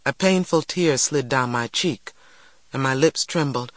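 A man giving earnest, measured scripted narration of a first-person novel. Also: mid-range voice, fairly bright tone, dry recording. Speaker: audiobook narrator.

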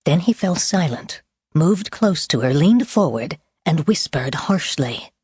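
A woman narrating a story in a measured, deliberate audiobook style. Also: sits low, lively intonation, darkish tone, slightly rough, no room sound, clean studio sound.

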